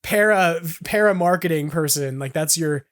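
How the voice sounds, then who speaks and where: A man's voice: a little high, normal speed, fairly bright tone. A man hosting a casual podcast chat, playful and joking, riffing on ideas with lots of "like" and "right". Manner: playful, joking, riffs on ideas with many fillers. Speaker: podcast host.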